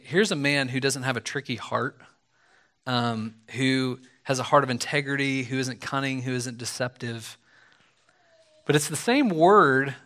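A man delivers a sermon in a relaxed, conversational voice of ordinary pitch. He keeps it lively, slipping into quoted speech and casual asides as he explains a passage. The tone stays talky rather than grand. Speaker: preacher.

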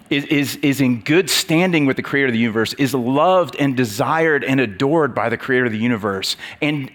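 A man's voice: mid-range voice, fairly bright tone. Preacher, male, casual sermon delivery, chatty, lots of fillers and restarts. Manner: conversational, with many fillers and restarts.

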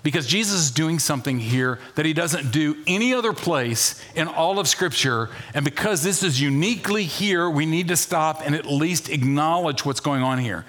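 A man preaching a sermon as pastor, animated, dropping to a hush and rising loud, asking the congregation questions. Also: fairly high pitch, moderate pace, few pauses. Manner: animated, swings from hushed to loud.

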